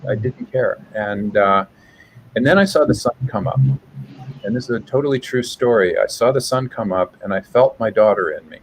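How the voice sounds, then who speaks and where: A man being interviewed over a video call, telling a personal story in a reflective, halting way. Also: fairly low pitch, expressive, a little hiss or hum, rough recording. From United States. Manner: reflective, halting, with soft restarts. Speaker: guest, public health professor.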